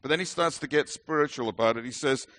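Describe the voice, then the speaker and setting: A man's voice: mid-range voice, fast talker, a bit bright. A middle-aged man with a British accent preaching a sermon as a minister, earnest and emphatic with light self-deprecating humor.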